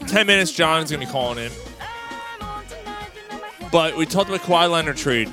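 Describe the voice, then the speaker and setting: A man hosting a casual podcast, telling a story in a lively, profane way and acting out the quotes. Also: fairly high pitch, moderate pace, music in the background. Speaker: podcast host. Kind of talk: casual chat.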